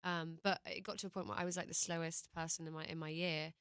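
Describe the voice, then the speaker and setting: A woman's voice: deep voice, little pitch movement, fast talker, a bit bright, smooth, no echo. A British woman, a singer, chatting casually as a guest in a radio studio interview, hesitant with lots of ums and little laughs.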